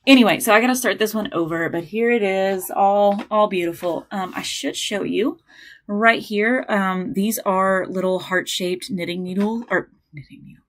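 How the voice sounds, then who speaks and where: A woman's voice: medium pitch, moderate pace. A woman hosting a knitting podcast from home, chatting casually and rambling with lots of fillers and restarts. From United States. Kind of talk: casual chat.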